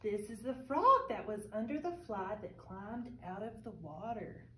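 A woman's voice: medium pitch, animated, a little slow, fairly bright tone, a little hiss or hum. A woman who is a librarian reading a picture book to children, cheery and encouraging them to join in. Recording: roomy echo.

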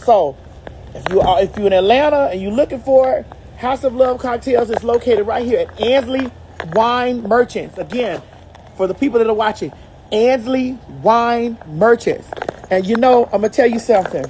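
A Southern US woman films a promotional vlog as a brand ambassador, flamboyant and sassy, calling everyone honey and baby as she moves through city streets and a liquor store. Her voice is a little high and a little mellow, at a moderate pace, with slight background noise.

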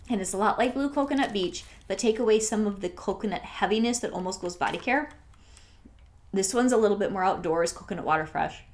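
A woman talking through a product haul in a casual vlog, gushing and chatty, sometimes dropping to a soft near-whisper. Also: medium pitch. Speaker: scent consultant and channel host.

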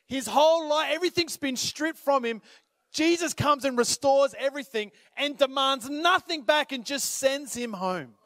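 A man preaching a sermon as pastor, swinging between urgent, rising calls and quiet appeals, sometimes acting out the people in the story. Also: very high voice, moderate pace, no room sound, studio quality. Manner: impassioned, rises to urgent calls then drops to quiet; acts out voices when retelling scripture.

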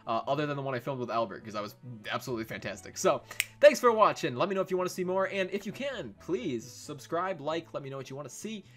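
Bright-voiced excitable young gamer guy. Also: a little high, fast, faint music behind. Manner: excitable, shouting and laughing. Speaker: gaming YouTuber. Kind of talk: playful VR gameplay commentary.

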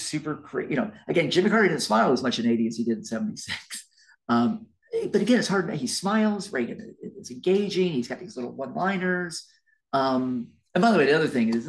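A man's voice: fairly high pitch, vocal fry, rough recording. A man, a college history lecturer, giving a recorded class lecture in a conversational, rambling way with fillers and restarts.

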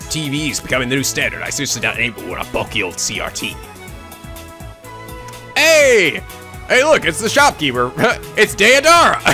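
A man's voice: on the high side, bright, forceful tone. A man hosting a let's play, reading a visual novel aloud with playful, theatrical delivery, often giggling.

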